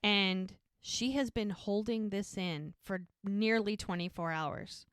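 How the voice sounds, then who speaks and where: Woman podcast co-host, casual and emotional storyteller; smooth clear voice, dry booth. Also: medium pitch, slow, dry recording. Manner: chatty storyteller, emotional, many fillers. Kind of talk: casual chat recapping a TV episode.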